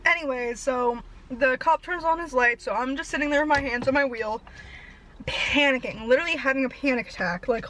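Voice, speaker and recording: A young woman vlogger telling a rambling story fast and out of breath, laughing at herself. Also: high-pitched, a bit bright, slight background noise, rough recording. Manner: breathless, fast-talking, self-deprecating.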